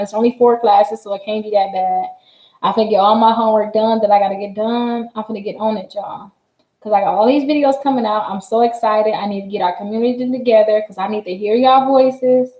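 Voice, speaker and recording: A woman hosting a casual livestream, chatty and excitable, laughing often and talking straight to her viewers. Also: medium pitch. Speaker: credit repair livestream host. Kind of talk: casual livestream chat reading viewer comments. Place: her office. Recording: roomy echo.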